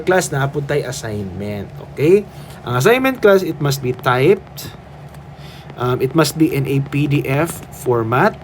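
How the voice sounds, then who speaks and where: A man's voice: a little high, darkish tone, a little hiss or hum. A man with a Filipino accent, a nursing instructor giving a recorded class lecture, firm and often checking in with "okay?" and "no?". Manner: firm, tags lines with "okay?" and "no?"; mixes English with Cebuano.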